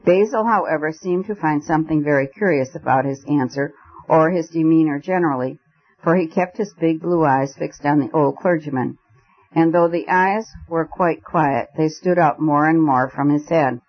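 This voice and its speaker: A man reading a story aloud in a measured, expressive narration. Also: a little high. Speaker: audiobook narrator. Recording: dull lo-fi recording.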